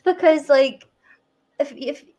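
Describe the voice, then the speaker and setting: A woman's voice: high-pitched, slow, dark tone, highs cut off. A woman with a Scottish accent hosting a casual chat, chatty and laughing often between remarks. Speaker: host.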